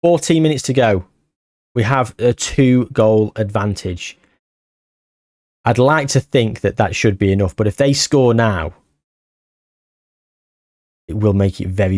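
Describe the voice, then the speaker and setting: A man commentating his football management game as he plays, anxious and short of breath, bursting into excited shouts at near misses. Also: on the low side, no echo, studio quality. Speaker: gaming YouTuber.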